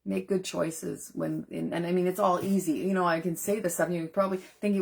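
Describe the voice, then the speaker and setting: A woman's voice: lowish voice, steady tone, fairly quick, creaky, few pauses, darkish tone, breathy edge. A woman who works as a nutrition coach, chatting earnestly and straight to viewers on a live stream and answering their comments. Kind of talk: casual live-stream chat.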